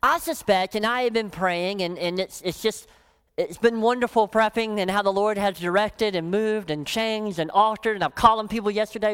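A woman pastor preaching a sermon, emphatic, often dropping into soft, low phrases for weight. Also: normal speed, clean tone.

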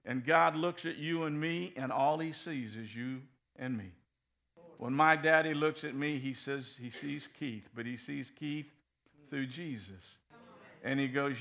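A middle-aged man preaching a sermon in a folksy, animated way, swinging from loud bursts to soft, low passages. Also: a little slow, gravelly. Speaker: pastor.

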